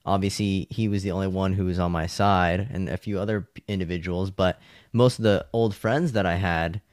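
A man talking as a guest in a casual conversation, telling his own story in an animated way. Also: low-pitched, a little fast, dry recording, clean studio sound.

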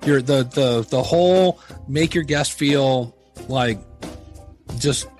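Slow and mid-range, with a darkish tone, this middle-aged man talks casually on a podcast over faint background music. He rambles candidly, pokes fun at himself and frequently acts out exchanges from past conversations.

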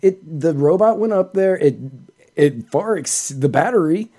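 Unhurried and mellow, a man with a higher, expressive voice spins long anecdotes on a laid-back podcast, breaking off into asides mid-story.

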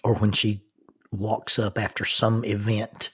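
A minister telling a personal story in an earnest, halting way, often restarting his sentences. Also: lowish voice, level tone, a bit bright, breathy edge.

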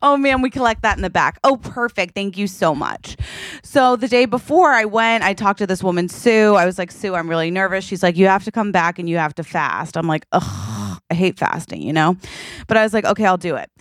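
A woman in her thirties co-hosts a casual podcast, telling stories animatedly and acting out the people in them. Her voice sits at an ordinary middle pitch. The recording is close and dry. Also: brisk, dry recording. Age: 30s. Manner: animated storyteller, acts out her own lines, peppers talk with "okay?" and "like". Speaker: podcast co-host.

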